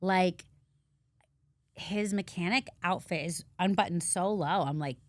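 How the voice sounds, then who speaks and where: A woman co-host recaps a drama in loose, animated chat, slipping into the characters' lines as she goes. Her voice sits a little low. It is recorded close and dry. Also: measured pace, no echo. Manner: animated storytelling, acting out quotes. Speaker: podcast co-host. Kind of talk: casual chat recapping a show.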